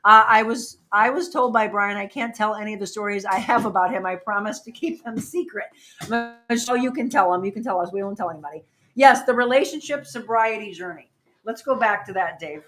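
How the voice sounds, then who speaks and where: A middle-aged woman hosting a casual livestream chat, talking quickly and laughing with people around her. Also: medium pitch, sharp tone, faint music behind. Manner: chatty, laughing, quick asides to people in the room. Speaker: host.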